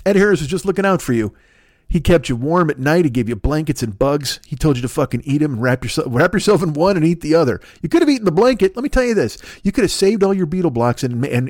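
A man's voice: mid-range voice, darkish tone, dry recording, clean studio sound. A man in his fifties hosting a podcast, rambling through a comedic solo monologue, swearing freely and jumping into exaggerated mock voices. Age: 50s. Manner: profane, riffing, self-deprecating, leaps into exaggerated mock voices. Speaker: podcast host.

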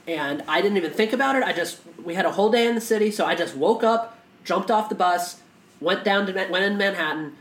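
A man's voice: high-pitched, brisk, a bit bright. A man co-hosting a casual podcast conversation, talking with impassioned, profane intensity and frequent restarts. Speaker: podcast co-host. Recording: echoey room.

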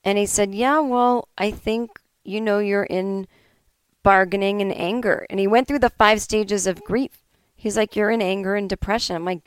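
A woman's voice: medium pitch, moderate pace, no room sound. A woman hosting a solo comedy podcast, telling a candid, chatty story and acting out both sides of a conversation, with some swearing. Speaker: podcast host.

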